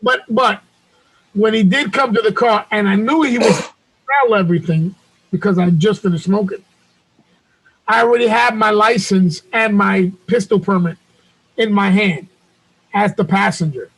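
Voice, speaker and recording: High, gravelly man telling a story. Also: normal speed, pauses often, rough recording. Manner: loud, profane, animated retelling with acted quotes. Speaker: podcast host. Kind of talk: casual storytelling on a video call. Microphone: video call.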